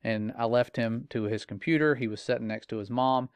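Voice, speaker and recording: A man's voice: mid-range voice, brisk, clear, resonant tone, no room sound. A middle-aged father telling a personal story in an earnest, warning tone, with casual fillers. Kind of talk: earnest personal testimony monologue.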